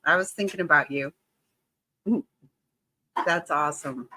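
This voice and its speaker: A woman hosting a casual livestream, greeting her viewers by name in a bubbly, excitable way and laughing often. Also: low-pitched, unhurried, rough recording. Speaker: livestream host.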